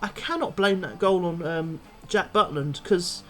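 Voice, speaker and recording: A man's voice: sits high, measured pace, fairly bright tone, soft background music. A young man, a football fan vlogger, angrily ranting after a match and swearing bluntly. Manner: angry, swears a lot, blunt. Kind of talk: post-match fan rant.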